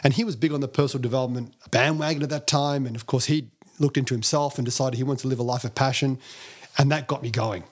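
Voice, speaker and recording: A man with a husky voice, a podcast guest sharing his story. He is animated and self-deprecating, and he slips into other people's voices as he tells it. His pitch sits in the middle of the usual range for a man. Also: quick pace. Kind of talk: storytelling interview talk.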